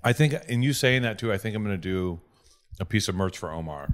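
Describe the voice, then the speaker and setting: A man's voice: on the low side, expressive, brisk. A man hosting a podcast, telling rambling, profane stories in casual chat. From Los Angeles. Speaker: podcast host.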